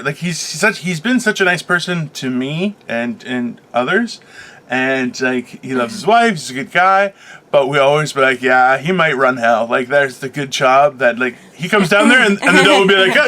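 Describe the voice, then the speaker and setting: A man with a notably high, bright voice co-hosts a casual comedic talk show. He rambles through his stories and laughs at his own punchlines. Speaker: podcast co-host.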